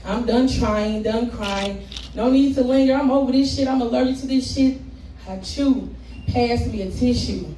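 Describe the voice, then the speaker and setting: A woman's voice: fairly high pitch, moderate pace, mellow. A woman performing spoken word poetry live at a poetry event, rhythmic, blunt and profane, with laughing asides to the crowd. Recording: echoey room, distant mic, background noise.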